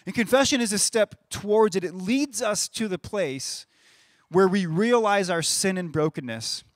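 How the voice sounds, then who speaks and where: Male pastor, thirties, conversational sermon, fairly high voice, dry close sound. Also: normal speed, no room sound. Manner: conversational, animated, with playful voiced asides. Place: church stage.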